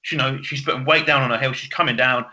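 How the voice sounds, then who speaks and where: A man hosting a podcast in casual chat, excitable and sweary, laughing often. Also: mid-range voice, fast. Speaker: podcast host.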